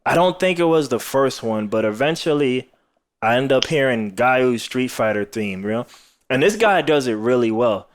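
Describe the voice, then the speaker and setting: A man's voice: mid-range voice, expressive, moderate pace. Tired male podcast host, rambling casual talk with laughs, mid-range voice. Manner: laughs often, rambling with many fillers. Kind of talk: casual chat.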